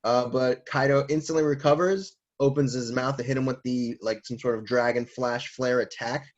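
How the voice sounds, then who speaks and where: A man's voice: mid-range voice, normal speed, highs cut off. A man casually recapping a comic chapter, laughing and acting out the characters' lines as he goes. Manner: animated, laughing, acts out lines. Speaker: manga reviewer. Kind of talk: casual comic read-through.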